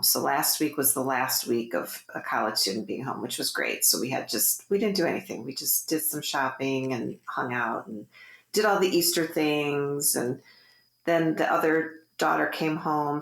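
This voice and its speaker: A woman in her forties, co-hosting a podcast, telling stories in casual, animated chat. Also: deep voice, gravelly, echoey room. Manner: chatty, animated storyteller. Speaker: podcast co-host.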